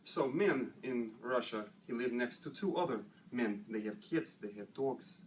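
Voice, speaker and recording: A man putting on a heavy Russian accent and broken English to tell a joke, slow and deadpan. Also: mid-range voice, a little hiss or hum, voice pushed down, close to an everyday voice, poor audio. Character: male Russian joke-teller.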